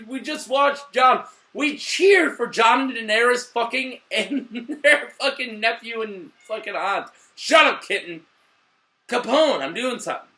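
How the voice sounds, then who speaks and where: A young man hosting a casual TV review, a little drunk, excitable and swearing, bursting into shouts. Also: high voice. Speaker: show host reviewing TV.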